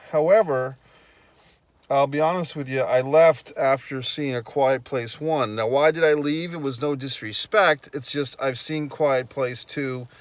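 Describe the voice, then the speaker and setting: A man vlogging outdoors, telling a story in a blunt, profane, exasperated way straight to his viewers. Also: medium pitch. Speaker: YouTube vlogger. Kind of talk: casual rant to camera.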